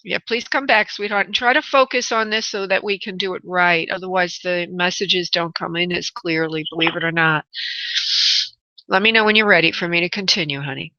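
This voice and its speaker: Bright-voiced woman medium on radio. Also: on the low side, a little fast, no echo. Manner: soothing, calls caller honey and sweetheart. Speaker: psychic medium radio host. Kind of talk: live call-in reading. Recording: muffled radio phone-in audio.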